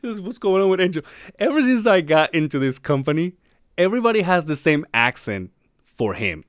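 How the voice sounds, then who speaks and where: Man, podcast co-host, casual storytelling, heavy swearing, very dry sound, lively intonation. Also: fairly high pitch, a little fast, clean tone, no echo. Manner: profane, animated, swears a lot. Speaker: construction worker.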